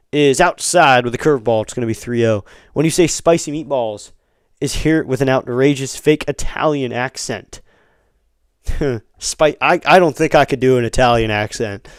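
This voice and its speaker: A man calls a baseball game live in a clean, smooth voice, recorded dry and close with no room sound. He chats easily between pitches and lifts his energy when the action picks up. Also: no echo. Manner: conversational, rising to excited calls on big plays. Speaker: fan play-by-play streamer. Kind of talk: live play-by-play commentary.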